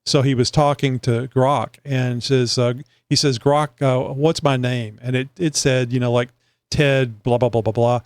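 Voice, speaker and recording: A male podcast host talks in loose, rambling, casual chat full of fillers. His voice sits at an ordinary pitch for a man. The sound is dry and close, with no room around it. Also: fairly even intonation, measured pace, smooth, no room sound. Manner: rambling, chatty, many fillers.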